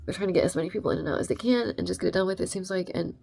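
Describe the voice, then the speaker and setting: A woman's voice: fairly low pitch, racing, vocal fry, dark tone. A young adult woman telling a rambling, emphatic story in a casual vlog, full of "like" and "right?". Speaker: vlogger.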